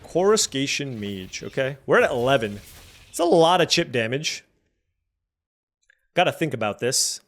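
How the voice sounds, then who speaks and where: A man streaming a card game, talking through his moves in a loose, chatty way. His pitch jumps around a lot as he weighs each play, lively and animated, at a mid pitch. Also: normal speed, pauses often. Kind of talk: thinking aloud while playing.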